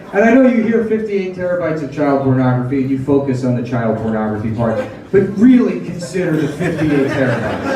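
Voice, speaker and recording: A man's voice: sits high, heavy reverb, far from the mic. A man performing a crude, sarcastic stand-up set, riffing and mocking voices. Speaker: stand-up comedian.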